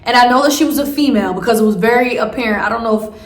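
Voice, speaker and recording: A woman's voice: fairly high pitch, racing, roomy sound. A woman vlogger telling a story casually, rambling with many fillers and restarts.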